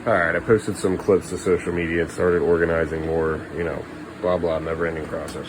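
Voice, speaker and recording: A man's voice: flat delivery, fairly quick, noisy background. A man, a father, talking through an evening at home with his kids in a casual vlog, recorded on a phone. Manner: mutters low asides, then raises voice sternly at kids. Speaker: father vlogging family life. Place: family home indoors. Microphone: handheld phone.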